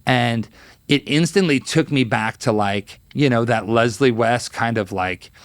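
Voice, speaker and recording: Unhurried yet lively, a guitarist in his thirties tells stories as an interview guest in a casual setting, acting out quotes and filling his speech with fillers. His pitch is medium and the audio has no echo.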